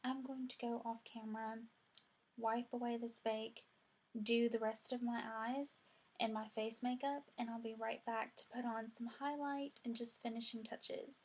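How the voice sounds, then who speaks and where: A woman's voice: a little high, steady tone, normal speed, husky. A young woman, chatting casually through a makeup tutorial and saying "y'all" a lot. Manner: chatty, rambling, says "y'all" often. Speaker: beauty vlogger.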